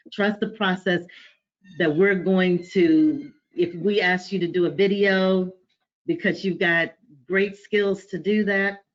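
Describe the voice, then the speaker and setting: A woman on a webinar panel over a video call, speaking emphatically and repeating key phrases. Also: fairly low pitch. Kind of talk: casual discussion. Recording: dull lo-fi call audio.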